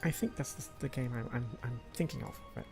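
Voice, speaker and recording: A man's voice: medium pitch, a little fast, gravelly, music in the background. A man streaming a video game, rambling with lots of hesitations and fillers. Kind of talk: casual gameplay livestream commentary.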